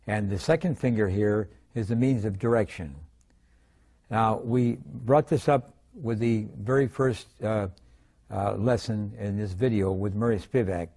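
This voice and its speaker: An older man giving a drum lesson, explaining stick grips in a calm, methodical way with frequent pauses. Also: on the low side. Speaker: drum instructor. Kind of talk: demonstrating drum technique.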